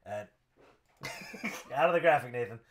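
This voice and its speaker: Lively, expressive young man podcasting. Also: medium pitch, a little slow. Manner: animated, laughs often, acts out quotes loudly. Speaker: podcast co-host. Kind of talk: casual wrestling podcast chat.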